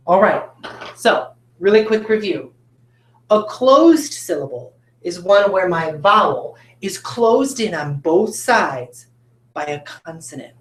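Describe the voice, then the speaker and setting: A woman's voice: lowish voice, lively intonation, slow. Patient woman teaching phonics, echoey room. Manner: patient, asks students questions then answers them. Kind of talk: recorded phonics lesson.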